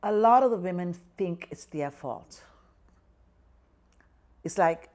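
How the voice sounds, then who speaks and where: Slow and expressive, with long pauses, the fairly low, darkish voice belongs to an older Malaysian woman speaking Malaysian-accented English. She's an activist guest in a conversational interview, passionately acting out quoted voices and frequently saying "you know" and "right?"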